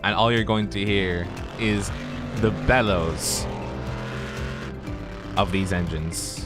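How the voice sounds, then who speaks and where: A man hosting live sim-racing commentary, relaxed and bantering with his co-host. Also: low-pitched, slow pace. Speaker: lead commentator. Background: race car engines and music.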